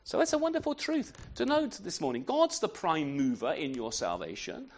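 A man's voice: on the high side, sing-song, normal speed. A man preaching a sermon in an unscripted way, often restarting phrases and asking rhetorical questions.

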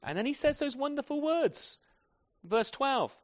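A man preaching a sermon to a congregation with children, asking tag questions and swinging from loud emphasis to soft, quiet phrases. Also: very high voice, a little slow. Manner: animated, asks tag questions often.

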